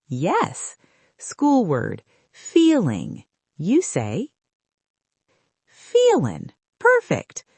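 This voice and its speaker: A woman hosting a podcast, giving a scripted English lesson in a careful, upbeat way. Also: no room sound. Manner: slow, careful and upbeat, with a very lively pitch. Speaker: English teacher and podcast host.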